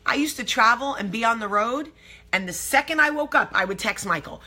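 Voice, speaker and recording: Brash, bright-voiced woman vlogger. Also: a little high, fairly quick. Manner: brash, profane, animated storytelling. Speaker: vlog host. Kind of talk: candid storytelling to camera.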